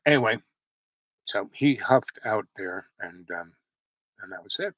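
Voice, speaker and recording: A man's voice: on the low side, expressive, a little slow, a bit bright, no echo, poor audio. A man host telling a personal story in a casual, rambling way, full of "you know" and restarts.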